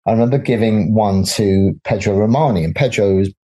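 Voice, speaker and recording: A man's voice: fairly low pitch, fairly quick, warm tone. A middle-aged man, a graphic designer and film producer, chatting as a guest and telling anecdotes, acting out the voices of the people he quotes and laughing often. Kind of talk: casual anecdote-telling interview.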